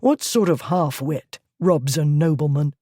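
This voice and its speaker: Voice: medium pitch, lively intonation, unhurried, warm tone, no room sound, studio quality. A narrator voicing a stern nobleman, a duke who talks in a cold, clipped, threatening way. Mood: menacing.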